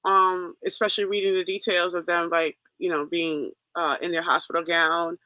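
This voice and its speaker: A man's voice: fairly high pitch, flat delivery, normal speed, bright, forceful tone, no echo, rough recording. A man co-hosting a talk show, thinking aloud in a loose, rambling way. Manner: thoughtful, rambling. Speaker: co-host. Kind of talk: casual talk show chat.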